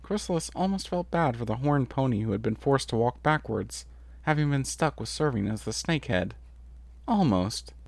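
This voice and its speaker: A male reader narrates a rhyming story with a steady storytelling rhythm. His voice sits at a middle pitch. The sound is dry and close. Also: fairly quick, gravelly, no echo. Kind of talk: scripted narration.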